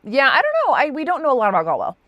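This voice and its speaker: A young woman co-hosting a casual book chat, chatty and animated. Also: sits high, very fast, dry recording, muffled recording. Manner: chatty, animated, fond of quoting characters. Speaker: podcast co-host.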